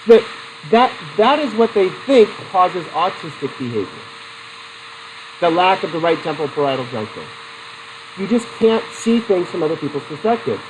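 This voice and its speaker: Man, middle-aged, psychology teacher, classroom lecture, lively pitch, faint background noise. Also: moderate pace, poor audio. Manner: animated, talks to students with questions and anecdotes.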